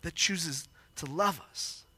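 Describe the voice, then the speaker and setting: Man, sermon, high voice, piercing bright tone, passionate dramatic delivery. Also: slow pace, slightly rough, no echo. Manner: animated, emotional preaching with loud dramatized quotes. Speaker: pastor.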